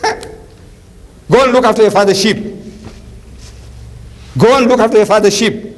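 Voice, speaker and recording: A man's voice: sits high, normal speed, pitched above the performer's own voice, natural voice. A battle-worn army commander scoffs at a boy's offer, as an older man with a South African accent puts him on. He talks in a raised, dismissive voice. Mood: scoffing. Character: scornful veteran male army commander.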